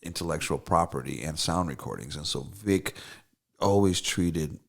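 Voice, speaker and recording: A man's voice: very deep voice, normal speed, vocal fry. A man who is a songwriter and producer, talking as a guest in a casual interview, rambling with fillers, restarts and swearing. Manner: loose, rambling, profane, many fillers and restarts.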